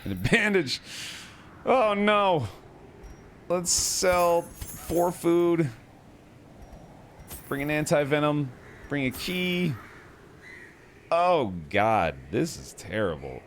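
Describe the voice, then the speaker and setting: A man's voice: a little high, sing-song, very slow, long pauses, a bit bright, slight background noise. A man giving casual gameplay commentary, joking, swearing and laughing at himself. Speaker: gaming streamer. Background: game music.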